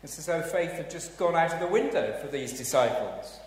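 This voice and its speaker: A man preaching a sermon, swinging between hushed tones and loud dramatic exclamations. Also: fairly high pitch, animated, moderate pace. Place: church. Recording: echoey hall, heard from a distance.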